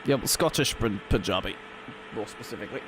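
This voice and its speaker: Streaming live, this young man from Britain talks quickly in a fairly low voice against a noisy background. He's giggly and rambling as he responds to his viewers' chat.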